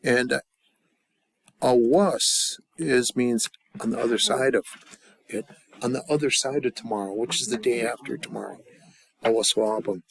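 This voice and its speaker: A man at a mid pitch leads a classroom lesson in a loose, casual way. He slows right down to drill phrases, then drifts into easy, rambling explanations. The sound is dry and close. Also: gravelly, slightly rough, no echo. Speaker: language teacher.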